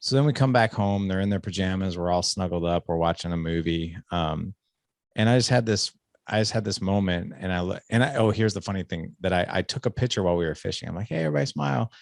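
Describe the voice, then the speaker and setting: A man's voice: sits low, quick pace, no room sound, clean studio sound. A middle-aged man hosting a podcast, telling a long story in a rambling, self-deprecating way. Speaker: podcast host. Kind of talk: casual podcast conversation.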